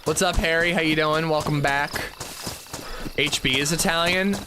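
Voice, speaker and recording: A man streaming a game, chatting in a relaxed way and answering his chat. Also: a little high, a little fast, noisy background. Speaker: gaming streamer. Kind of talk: casual livestream chat. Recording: game ambience loud behind voice.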